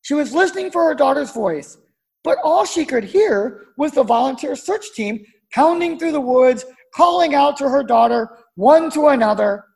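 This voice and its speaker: A woman pastor delivering a sermon in a measured storytelling voice. Her tone sits high with a gravelly, fry-touched edge. She lets key words fall low and quiet for emphasis. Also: lively intonation.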